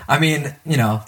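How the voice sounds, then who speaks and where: A man chatting casually as a podcast co-host, halting and repeating words as he goes. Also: on the high side, a bit bright. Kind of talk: casual chat.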